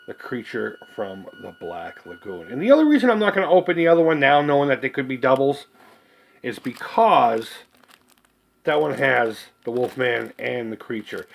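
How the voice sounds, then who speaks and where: Lively, rambling, foul-mouthed man in his forties. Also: medium pitch, gravelly, rough recording. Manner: rambling, profane and jokey, with laughs. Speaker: collectibles video host. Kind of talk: casual unboxing chat.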